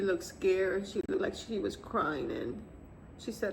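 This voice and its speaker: Grieving gravelly-voiced mother, soft and halting. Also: mid-range voice, lively intonation, slight background noise. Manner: soft, halting, tearful retelling with quiet pauses. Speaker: grieving mother telling her story. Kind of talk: emotional personal testimony to camera.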